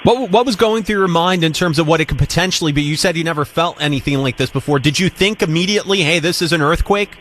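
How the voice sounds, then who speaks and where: New radio anchor, male, steady studio read with the odd "uh". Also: fairly high pitch, a little hiss or hum. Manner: measured delivery with frequent uh fillers. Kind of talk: live news anchoring.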